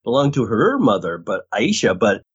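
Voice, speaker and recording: Male podcast co-host, husky, fairly low voice, casual recap, dull lo-fi sound. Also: wildly swooping pitch, normal speed. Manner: reads recap, laughs often, mimics characters. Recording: dull lo-fi audio.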